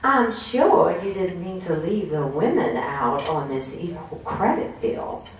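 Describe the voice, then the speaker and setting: A woman voicing a demure, sweet-talking congresswoman with a Southern accent, slow and polite. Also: lowish voice, big pitch swings, a little hiss or hum. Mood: sweetly polite. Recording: echoey room, distant mic.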